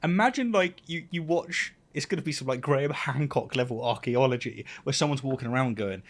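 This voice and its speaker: A young man co-hosting a casual reaction chat. His pitch is very animated and he laughs often. He sounds sarcastic and joking. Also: moderate pace, slight background noise. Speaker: co-host.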